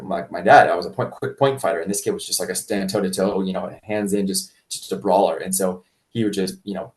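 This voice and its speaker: A man, a martial arts instructor, telling a story in a casual interview, rambling with restarts and jumping much higher when he quotes people. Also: recorded from a distance. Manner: rambling with many restarts and fillers; acts out quoted voices in a much higher pitch.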